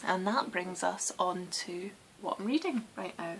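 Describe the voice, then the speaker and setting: A woman's voice: fairly low pitch, a little slow, gravelly, fairly bright tone, a little hiss or hum, low-quality recording. A Scottish woman hosting a knitting podcast, chatting casually and meandering with lots of restarts and ums. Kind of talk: casual chat.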